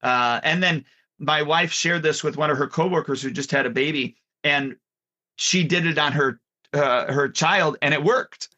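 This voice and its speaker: Bright-voiced rambling male co-host. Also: fairly high pitch, normal speed, muffled recording. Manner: rambling storyteller, self-correcting. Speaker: podcast co-host, martial arts instructor. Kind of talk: casual chat.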